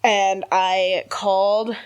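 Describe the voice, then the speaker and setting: A woman in her thirties, podcast co-host, telling a story in a casual, animated way and laughing often. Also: mid-range voice, drawn-out words, smooth. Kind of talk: casual chat.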